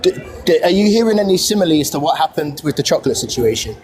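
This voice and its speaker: Calm British man mediating a live. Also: fairly high pitch, fast, slight background noise. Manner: calm, steering the talk. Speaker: live stream host.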